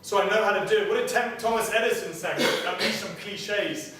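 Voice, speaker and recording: A personal trainer speaks with a fairly high voice, keeps asking his audience "okay?" and drives his points home with energy. He is picked up from across a very echoey room, with a faint hiss underneath. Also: a little fast, fairly bright tone. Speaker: personal trainer giving a seminar. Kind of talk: motivational seminar talk. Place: seminar room with clients. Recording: very echoey room, distant mic, faint noise.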